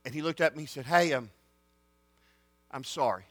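A man preaching to students, rising to shouted excitement. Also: fairly high pitch, normal speed, dry recording. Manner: folksy, builds to shouted excitement. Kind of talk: sermon storytelling.

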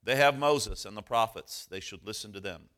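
A man's voice: on the low side, normal speed, fairly bright tone, voice pushed down, close to an everyday voice. A man voicing the patriarch Abraham in a scripture reading, read plainly. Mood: stern. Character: Abraham, a stern old patriarch.

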